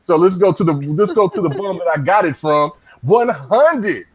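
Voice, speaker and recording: A man hosting a casual gaming podcast with a lively, swooping delivery and a slightly higher voice. His talk is laid-back and slangy, full of "you know what I'm saying". The sound is dry and close. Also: moderate pace, husky, no room sound, lo-fi sound. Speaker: podcast host.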